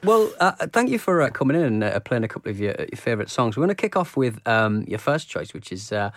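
A man with a soft Northeast English accent, interviewing a guest in a radio studio in a chatty, easygoing way. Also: mid-range voice, big pitch swings, fast talker, no room sound. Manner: chatty, easygoing, chuckles along. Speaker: radio presenter. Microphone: studio microphone.

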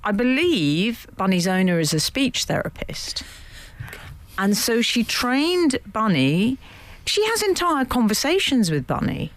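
A woman's voice: fairly high pitch, big pitch swings, a little slow. A woman hosting a radio show, telling a story in a playful, giggly way in casual studio chat. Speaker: radio host. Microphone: studio microphone.

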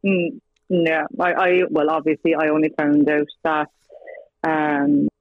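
A woman's voice: low-pitched, fairly even intonation, unhurried, no room sound. An Irish woman telling her story as an interview guest, chatty, acting out quoted dialogue and laughing between lines. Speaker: guest, former partner of the subject. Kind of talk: casual interview over the phone. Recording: dry tinny phone line.

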